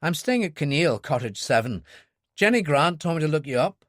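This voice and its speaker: A man reading an audiobook, voicing a calm, watchful Irish man, a seasoned operative with a dry manner. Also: fairly high pitch, normal speed, no room sound, pitched above the performer's own voice.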